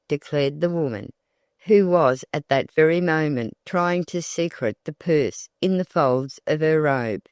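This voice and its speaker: An audiobook narrator reads a classic novel in a measured, deliberate voice. The pace is unhurried and steady. The recording is close and dry, with no room around it. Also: mid-range voice, clean tone, no echo.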